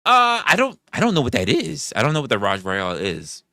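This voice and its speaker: A man hosting a live-stream commentary, profane and argumentative, hammering his chat with rhetorical questions and calling out donations. His voice is bright and sharp-edged, with pitch that leaps around as he gets worked up. The sound is close and dry, with no room echo. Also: huge pitch swings, brisk, vocal fry. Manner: reads out and thanks viewer donations. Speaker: livestream host.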